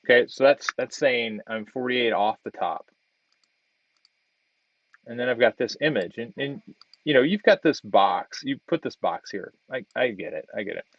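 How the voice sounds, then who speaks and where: A man's voice: mid-range voice, animated, moderate pace, no room sound, dull audio. A man giving casual design feedback on a student project while working on screen, thinking aloud with lots of fillers and restarts. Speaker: design instructor. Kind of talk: screen-share design critique.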